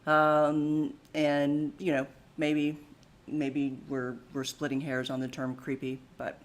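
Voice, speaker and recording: A woman's voice: deep voice, monotone, takes it slowly. A woman co-hosting a live podcast in casual chat, full of "like" fillers. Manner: chatty, frequent "like" and "um" fillers. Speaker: podcast co-host.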